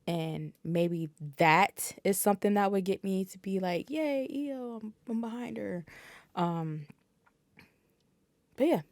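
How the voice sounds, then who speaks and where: A woman's voice: fairly low pitch, a little mellow, dry recording. A woman guest on a podcast, talking casually and bluntly, swearing freely and dropping fillers. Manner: blunt and profane, with frequent fillers.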